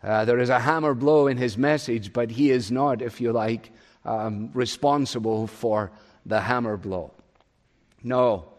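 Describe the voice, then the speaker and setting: A male preacher delivering a sermon at a middle pitch. He is emphatic, climbing loud on key phrases before sinking soft. His voice rings out with the long reverb of a large hall. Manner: emphatic, swinging between loud rises and soft drops. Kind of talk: expository sermon.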